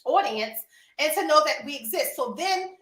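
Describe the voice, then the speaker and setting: Woman host, animated storyteller who laughs a lot and speaks straight to her audience; high voice, echoey room. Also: moderate pace. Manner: animated, laughing, addresses listeners as y'all. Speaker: podcast host. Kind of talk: casual storytelling chat.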